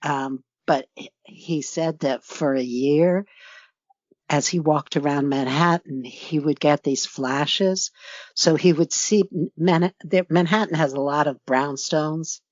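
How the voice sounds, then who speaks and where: A woman's voice: sits low, slow, no room sound, highs cut off. An older woman from New York with a New York accent, a guest author in a casual interview, talking reflectively and rambling with many fillers.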